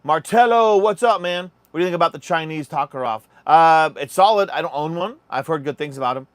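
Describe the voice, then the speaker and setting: Here a man with a fairly high pitch talks a little fast while hosting a laid-back livestream with no echo. He keeps up easy chatter, reads comments from his viewers, and calls them "y'all."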